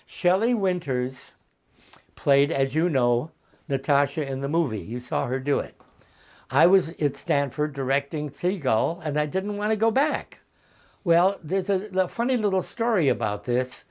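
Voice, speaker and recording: A veteran actor in his eighties is interviewed over a video call from his home, telling anecdotes unhurriedly and acting out the voices of the people in them. His voice is a little high and expressive, with a darkish tone.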